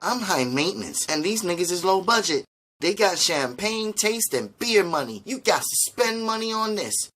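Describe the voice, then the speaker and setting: A man putting on a sassy high-voiced young woman. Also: lively intonation, bright, forceful tone, heavily acted. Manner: fast, sassy, high-pitched delivery.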